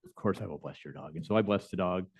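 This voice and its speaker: In a lecture hall, a bishop and chaplain tells stories from his chaplaincy work in a lowish, slightly mellow and slightly rough voice. He talks fast and conversationally, with many fillers and false starts.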